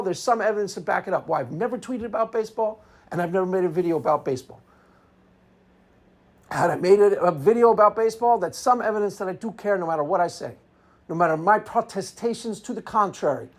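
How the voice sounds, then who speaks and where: A man giving an unscripted commentary monologue, combative and sarcastic, repeating his points for emphasis. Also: sits high. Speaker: video commentator.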